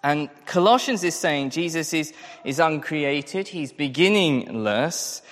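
A man's voice: fairly high pitch, lively intonation, takes it slowly, a bit bright. A man preaching a sermon to a congregation in a chatty, self-deprecating way, often putting questions to the listeners. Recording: long hall reverb.

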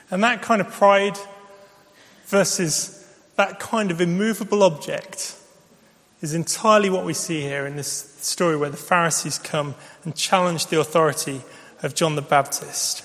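A man's voice: fairly high pitch, a bit bright. A man preaching a sermon, telling stories in a conversational way with fillers. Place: church. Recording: long reverb of a large church.

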